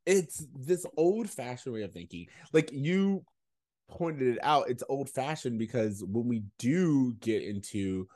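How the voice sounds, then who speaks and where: A man co-hosting a casual podcast, recapping a TV episode and acting out quotes with lively energy. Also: medium pitch, unhurried. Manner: animated, acts out quotes. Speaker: podcast co-host.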